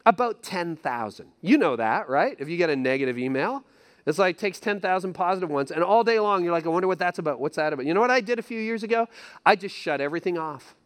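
A man's voice: high-pitched, expressive, fairly quick. Emphatic male pastor, conversational sermon. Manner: conversational, emphatic, repeats key phrases.

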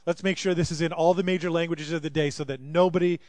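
Pastor guy giving a sermon, slightly high voice, acts out the bible quotes, dry mic. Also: steady tone, fast, darkish tone, no echo. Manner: reads scripture aloud and voices quoted speakers dramatically.

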